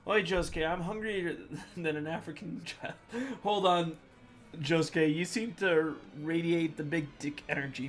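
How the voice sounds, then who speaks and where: Goofy man reading jokes over music. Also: on the high side. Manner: loud, goofy, joking delivery. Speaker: streamer reading viewer jokes. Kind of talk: comedic reading on a livestream. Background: music playing.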